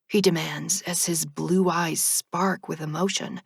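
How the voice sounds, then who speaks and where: A woman narrating an audiobook in the first person with a measured, soft delivery. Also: lowish voice, steady tone, gravelly, husky, dry recording, studio quality.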